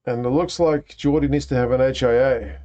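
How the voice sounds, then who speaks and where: A man's voice: mid-range voice, a little fast, a little mellow. A man hosting a casual live watch-along, reacting to play and chatting with viewers. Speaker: livestream host. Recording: dull lo-fi stream audio.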